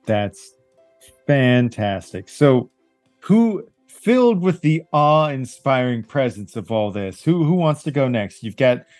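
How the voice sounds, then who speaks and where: A man runs a tabletop game, painting vivid scenes and cheering on his players. His mid-pitched voice sounds dry and close, with faint music behind. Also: sing-song, takes it slowly, a little mellow, dry recording. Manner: vivid, encouraging scene-setting. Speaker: game master.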